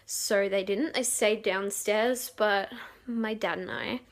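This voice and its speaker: A young woman telling a rambling, excited storytime, giggling and acting out quotes loudly. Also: mid-range voice, slow. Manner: excitable, giggly, acts out quotes with bursts of loudness; rambling with many fillers and restarts. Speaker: vlogger. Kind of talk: casual storytime.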